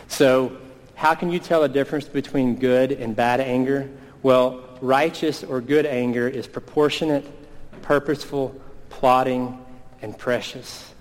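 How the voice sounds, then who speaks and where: A man in his thirties delivering a sermon, earnest and deliberate, stretching out the words he wants to land. His voice rings out in a church hall with a long reverb trailing each phrase. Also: medium pitch. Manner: earnest, slows down for emphasis on key words. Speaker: pastor.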